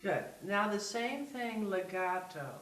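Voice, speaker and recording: A woman's voice: medium pitch, expressive, slow, distant mic. Patient woman music teacher, roomy sound. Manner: patient, gives step-by-step instructions. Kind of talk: masterclass coaching.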